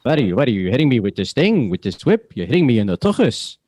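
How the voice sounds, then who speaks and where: A man voicing a whiny little old Hebrew slave with a Yiddish-inflected accent, kvetching in stammering rapid questions over a video call. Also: mid-range voice, sing-song, darkish tone, dry recording.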